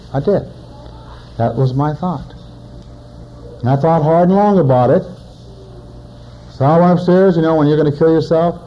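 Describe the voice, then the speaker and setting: A man's voice: on the high side, a little hiss or hum. Man in his forties telling a hard story, lo-fi. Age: 40s. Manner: plainspoken storytelling with wry humor. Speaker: recovering alcoholic speaker. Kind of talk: personal testimony talk.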